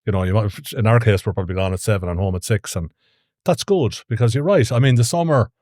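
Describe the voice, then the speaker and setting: An Irish man, a podcast co-host, talking quickly and reflectively in casual chat with plenty of fillers. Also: on the low side, animated, a little mellow, dry recording, studio quality.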